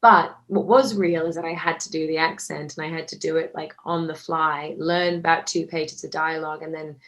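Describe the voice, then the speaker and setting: A woman's voice: low-pitched, steady tone, moderate pace, a bit bright. A woman, an actor answering questions casually, chatty with lots of fillers and restarts. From Australia. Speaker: actor, interview guest.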